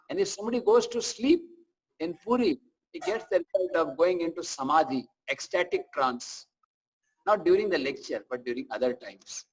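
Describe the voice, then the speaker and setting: A preacher tells scripture stories in an animated, chatty manner. His voice sits fairly high for a man and moves freely. He breaks off for light asides to his listeners. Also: slightly rough, low-quality recording. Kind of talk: scripture class with storytelling.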